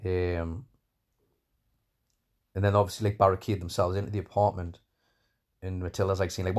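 Retelling a movie's plot one scene after another, this man speaks low with little pitch movement, at normal speed, pausing often. It's a casual recap, rambling and enthusiastic, packed with fillers and asides, and he calls scenes "class".

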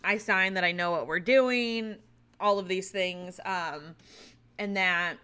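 A woman with a bright, forceful voice tells a personal story in a loose, casual way. She is candid and chatty, swears freely and laughs often. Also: medium pitch, slow pace, clear, resonant tone. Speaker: vlogger recounting a personal experience.

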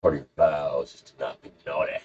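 A man's voice: rumbling low, fairly even intonation, fairly quick, darkish tone, lo-fi sound, a little hiss or hum. A man hosting a podcast, casually telling a rambling, jokey story and acting out the characters. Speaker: podcast host.

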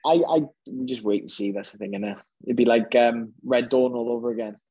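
A man's voice: medium pitch, little pitch movement, brisk, dark tone, highs cut off. A Welsh man chatting casually as a guest, rambling with many hesitations. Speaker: guest, UFC fighter. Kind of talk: casual chat.

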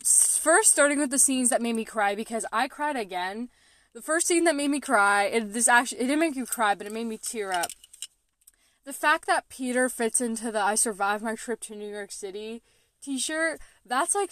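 A woman's voice: on the high side, a bit bright, no room sound. A young woman hosting a movie podcast, talking casually and emotionally, rambling with lots of fillers. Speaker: podcast host.

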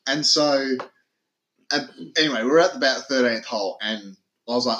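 A young man telling a story on a casual podcast. He talks in a lively way, swears a lot and acts out what people said loudly. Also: medium pitch, moderate pace, slight background noise. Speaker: podcast host. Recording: echoey room.

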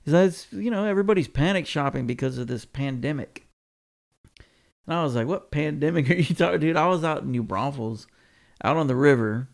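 Man, gravelly voice with fry, relaxed profane storyteller in casual chat. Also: on the high side. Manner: laid-back, profane, drawn-out storytelling.

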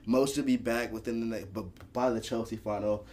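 Speaking a little fast in a lowish voice, a young man co-hosts a laid-back sports podcast. He argues with animation and keeps stumbling, frequently starting his sentences over.

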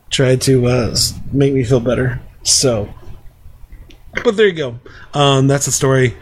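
This is a man in his thirties with a medium-pitched, steady voice and a normal speaking speed, recorded with slight background noise. He hosts a casual podcast chat, rambling through stories full of restarts and fillers.

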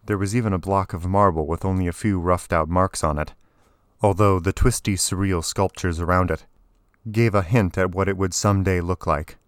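Deep-voiced man narrating a story. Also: steady tone, normal speed, clean tone, no room sound, clean studio sound. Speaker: audiobook narrator. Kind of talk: scripted narration.

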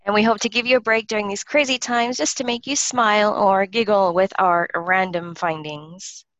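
A woman's voice: mid-range voice, fairly even intonation, moderate pace, a bit bright, no echo. A woman co-hosting a podcast in easygoing, giggly chat. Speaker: podcast co-host. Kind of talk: casual chat. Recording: dull, dry lo-fi mic.

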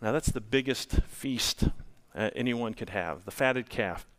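A man's voice: medium pitch, unhurried, a bit bright. A male pastor preaching a sermon, asking the congregation rhetorical questions.

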